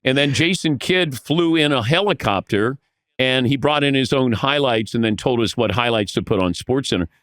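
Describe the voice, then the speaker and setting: Lively storytelling man, dry close sound. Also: medium pitch, normal speed, no echo. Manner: animated anecdotes, mimics voices. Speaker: podcast guest, veteran sportscaster. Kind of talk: casual storytelling.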